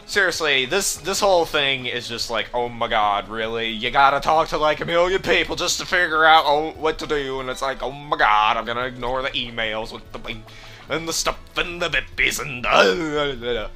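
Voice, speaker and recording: A man's voice: mid-range voice, normal speed, sharp tone. A young man giving casual game commentary, with sarcastic and exasperated remarks. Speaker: let's play commentator. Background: faint game music.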